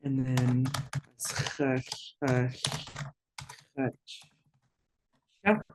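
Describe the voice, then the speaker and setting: Slow patient woman teaching pronunciation. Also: low voice, noisy background. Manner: slow, patient, repeats words for learners to echo. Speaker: language teacher. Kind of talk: recorded language lesson.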